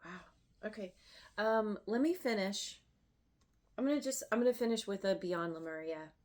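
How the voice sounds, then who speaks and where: A woman giving a tarot reading, emotional and effusive, often halting and restarting her sentences. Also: medium pitch, darkish tone. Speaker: tarot reader.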